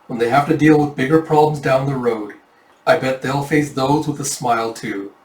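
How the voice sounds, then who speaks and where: A man voicing a calm, wise old male priest who speaks in a measured way, read from a comic. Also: medium pitch, lightly acted. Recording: echoey room, mic at a distance.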